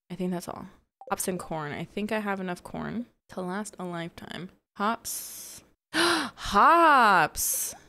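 A woman's voice: fairly low pitch, gravelly, a little hiss or hum. A young woman chatting casually over a farming game she is playing, rambling and heartfelt as she talks to her viewers. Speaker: gaming video host. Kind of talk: casual gameplay commentary.

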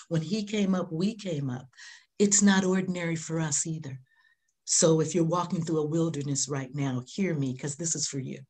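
A woman's voice: sits low, darkish tone. A middle-aged woman pastor preaching a sermon, earnest, repeating key phrases for emphasis.

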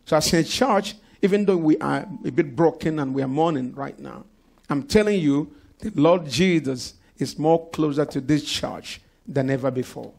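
Male pastor, gravelly, slightly high voice, preaching with congregation call-outs. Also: normal speed, a little mellow. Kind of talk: sermon. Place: church service.

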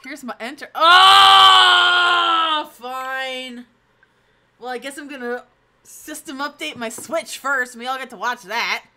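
A young woman streaming live, chatting casually with her viewers and breaking into excited exclamations. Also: high voice, unhurried, background noise. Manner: bubbly, chatty, exclaims often. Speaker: Twitch streamer.

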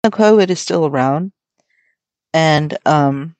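Taking her time, a young adult American podcast host talks alone in a loose, blunt, profanity-laden style. Her voice sits low and is slightly mellow, captured in a dry recording.

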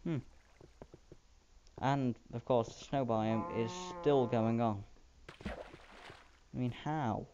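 A man's voice: mid-range voice, fairly even intonation, very slow, pauses often. A man rambling through casual, self-mocking gameplay commentary. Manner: rambling, self-mocking, playful sound effects. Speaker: Minecraft let's player. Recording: dull lo-fi home mic with faint hiss.

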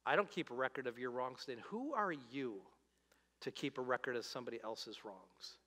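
A man preaching a sermon as pastor, animated, swinging from loud emphasis to soft, low asides. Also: normal speed. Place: church auditorium. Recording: long hall reverb.

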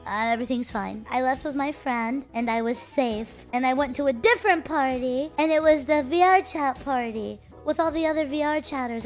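Young woman streamer, high voice, animated, defensive, casual storytelling, faint music. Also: normal speed, few pauses. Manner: animated, defensive, swings between loud and quiet.

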